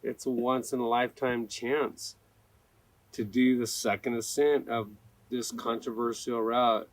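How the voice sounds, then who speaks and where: A man's voice: mid-range voice, little pitch movement, a little slow, no echo. A young adult man speaking bluntly in a casual interview, swearing freely and laughing at himself. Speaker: climber telling his story.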